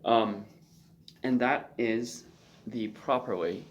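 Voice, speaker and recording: A man giving a spoken violin lesson, loose and conversational, often checking in with a quick "okay?". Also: mid-range voice. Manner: loose and conversational, frequent ums and check-in okays. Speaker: violin teacher. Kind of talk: spoken instruction with demonstration.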